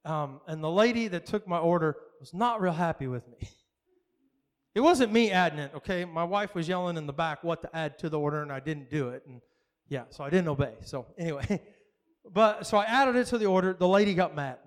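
A man's voice: on the high side, fairly quick. A male pastor preaching a sermon, telling a story with acted-out dialogue and frequent laughs. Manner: animated storytelling, acts out dialogue, laughs often.

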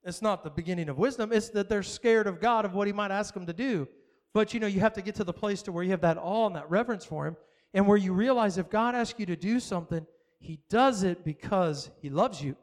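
High-voiced storytelling male pastor. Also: a little fast. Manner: animated storytelling, acts out dialogue, laughs often. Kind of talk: sermon.

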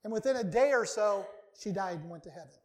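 A man's voice: high voice, expressive, quick pace. A male pastor preaching a sermon to his congregation, earnest and emphatic, repeating key words for weight. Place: church sanctuary.

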